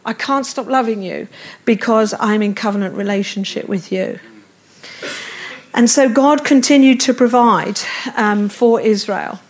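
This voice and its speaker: A woman's voice: a little high, unhurried. A middle-aged woman preaching a sermon, earnest and tender as she reads and explains scripture.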